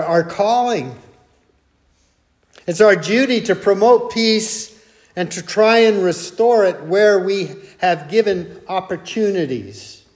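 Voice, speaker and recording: A man's voice: on the high side, a little mellow. An older man preaching a sermon, earnest and repetitive, with folksy storytelling asides.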